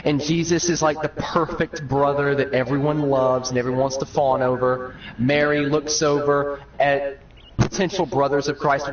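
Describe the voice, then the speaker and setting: A young man streaming, riffing comedically in an animated, rambling way. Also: mid-range voice, moderate pace, recorded from a distance, slight background noise. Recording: muffled, roomy, from off the mic.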